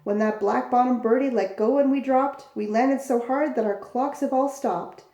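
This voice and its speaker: A woman's voice: fairly high pitch, normal speed, dark tone, natural voice. A woman voicing a tiny male mayor who speaks politely and gratefully. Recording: echoey room.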